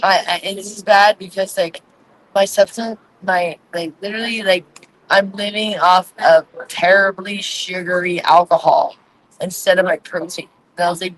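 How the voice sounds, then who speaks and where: A woman in her forties chatting candidly on a livestream, rambling and confessional, filmed outdoors on a quiet city street at night with a phone on a tripod. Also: medium pitch, normal speed, slight background noise, poor audio. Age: 40s. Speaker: vlogger hosting a livestream. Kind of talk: casual livestream chat. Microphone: phone on a tripod, no earphones.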